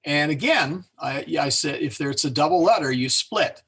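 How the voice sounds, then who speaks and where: A man teaching an informal class on pronouncing Latin, relaxed and chatty, joking with his students and slowly sounding words out to show them. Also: fairly high pitch, husky. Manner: relaxed and chatty, many fillers and self-corrections, joking asides.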